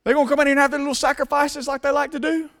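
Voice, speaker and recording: A man voicing an ancient male enemy who jeers loudly and scornfully at builders. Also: very high voice, level tone, rapid-fire, voice pushed up. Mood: mocking. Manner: loud mocking taunts.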